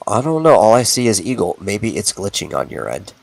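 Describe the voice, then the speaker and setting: A man's voice: fairly low pitch, very animated, a little fast, vocal fry, no echo, low-quality recording. A man co-hosting a casual livestream, answering in a dry, matter-of-fact way. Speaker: co-host.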